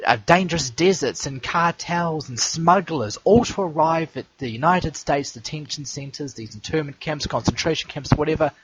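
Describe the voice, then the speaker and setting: A young man co-hosting a casual podcast chat, giving dry, deadpan replies. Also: a little high, moderate pace, hardly any pauses. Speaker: podcast co-host. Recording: dull lo-fi sound with faint noise.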